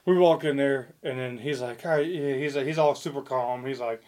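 A man's voice: mid-range voice, brisk, hardly any pauses, a little mellow. Rambling, swearing young man telling stories. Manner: rambling storyteller, many fillers and restarts, swears freely. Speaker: podcast co-host. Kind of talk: casual chat.

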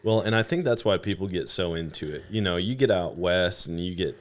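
Brief: low-voiced male host, easygoing interviewer, chats about hunting. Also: a little fast. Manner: relaxed listener, short affirmations. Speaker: podcast host. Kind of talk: casual interview chat.

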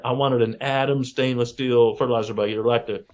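Middle-aged man, folksy interview guest, animated storyteller who acts out the people he quotes. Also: mid-range voice, brisk. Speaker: podcast guest, wildlife researcher.

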